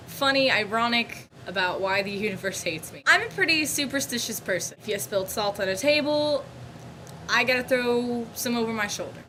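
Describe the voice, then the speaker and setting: Young woman, casual vlog storytelling, bright tone, a bit high, faint hiss behind. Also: low-quality recording. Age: young adult. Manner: animated, exasperated retelling. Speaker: vlogger.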